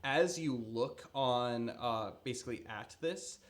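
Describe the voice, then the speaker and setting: A man's voice: medium pitch, slow. A man running a tabletop game as game master, narrating casually and loosely. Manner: casual, filler-heavy narration.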